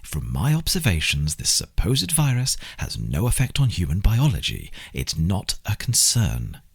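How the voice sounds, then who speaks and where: Guy doing a slow sneering slavic-accented oligarch, smug and menacing, kinda husky. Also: low-pitched, huge pitch swings, full character voice. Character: sneering middle-aged male oligarch boss. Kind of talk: audiobook character reading.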